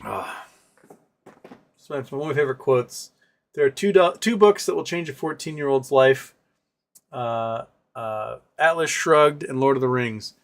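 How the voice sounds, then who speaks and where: A man's voice: medium pitch, unhurried, long pauses. A man hosting a casual livestream, reading viewer comments and answering them in a sarcastic, rambling way with many fillers. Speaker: livestream host.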